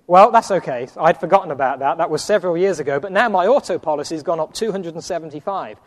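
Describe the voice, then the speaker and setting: English guy preaching, high voice, tells stories and chuckles, lots of hall echo. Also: quick pace, few pauses. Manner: storytelling, chuckles often, acts out dialogue. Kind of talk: sermon with personal stories. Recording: long hall reverb.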